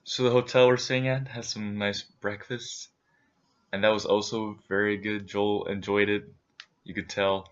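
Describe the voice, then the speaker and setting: A man's voice: lowish voice, flat delivery, measured pace, muffled recording. A man co-hosting a casual travel recap, chiming in with jokes. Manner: joking, chiming in on his partner's lines. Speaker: co-host recapping a trip.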